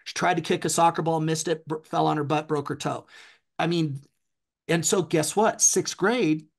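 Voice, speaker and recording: A man's voice: on the high side, fairly even intonation, moderate pace, creaky. Intense man telling a personal story. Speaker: podcast guest.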